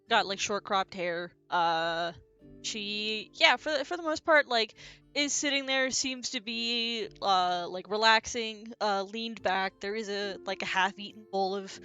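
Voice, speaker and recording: A woman narrates as game master, setting each scene in a loose, rambling way full of fillers. Her voice is clear and smooth. Soft music plays far behind. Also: mid-range voice, muffled recording. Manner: loose, filler-heavy description.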